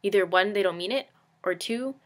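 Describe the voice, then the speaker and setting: A woman's voice: mid-range voice, a little fast. A young woman in her late teens talking casually to camera, rambling and self-deprecating, filling her speech with "like" and tossing in frank, sarcastic asides. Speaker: vlogger. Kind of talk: casual confessional monologue.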